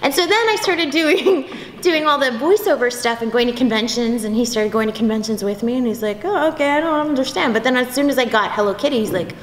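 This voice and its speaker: A woman voice actress telling stories in a convention interview, bubbly and animated, slipping into quick impressions. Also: on the high side. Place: convention venue. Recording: echoey convention room, faint background noise.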